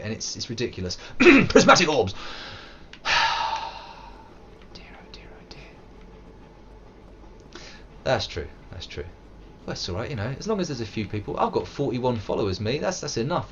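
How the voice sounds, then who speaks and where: A British man in his thirties giving live commentary while he plays, self-mocking and swinging from loud outbursts to low mutters. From United Kingdom. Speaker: streamer. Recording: muffled with steady background hiss.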